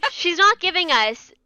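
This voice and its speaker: A woman's voice: very high voice, big pitch swings, takes it slowly, heavy background noise. A woman co-hosting a storytelling podcast, chatting casually, bubbly and laughing often. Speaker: podcast co-host. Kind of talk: casual chat.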